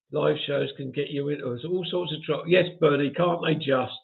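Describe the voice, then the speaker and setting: A man's voice: fairly high pitch, vocal fry. A man hosting a live stream, reading viewer comments aloud in a chatty, self-mocking way and chuckling often. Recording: tinny phone-like audio.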